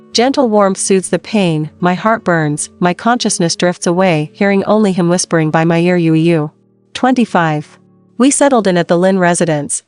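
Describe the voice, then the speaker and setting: Calm woman narrating a story over music. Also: on the low side. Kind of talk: scripted first-person story narration.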